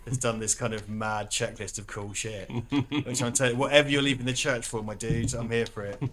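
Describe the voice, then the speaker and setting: A man chatting casually on a gaming livestream, swearing and now and then bursting into excited shouts. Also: mid-range voice, fairly quick. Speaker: livestream co-host playing the game. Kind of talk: casual chat while gaming.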